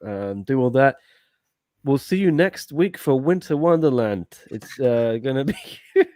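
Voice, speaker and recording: A man hosting a casual live stream chat, laid-back and quick to laugh. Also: mid-range voice, big pitch swings, dark tone, dry recording, studio quality. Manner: laid-back, laughs often, loose sign-off. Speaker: host.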